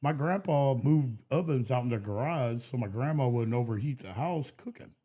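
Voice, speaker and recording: A man's voice: mid-range voice, lively intonation, moderate pace, warm tone, husky. A man, a podcast guest, telling laid-back stories in casual chat and laughing often. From Texas.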